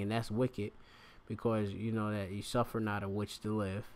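A man's voice: lowish voice, fairly even intonation, moderate pace. A man giving an informal scripture lesson, reading verses aloud and stopping often to explain words, with many fillers. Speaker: bible teacher.

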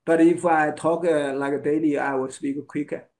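A male Chinese pronunciation teacher whose first language is Chinese, speaking English in short broken phrases and modeling sounds slowly. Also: fairly high pitch, steady tone, a little mellow. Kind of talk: one-on-one lesson.

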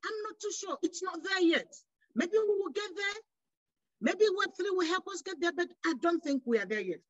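A woman's voice: extremely high pitch, lively intonation, normal speed, muffled recording. A woman from West Africa speaking on a panel, passionate, full of rhetorical questions and restarts. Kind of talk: panel discussion.

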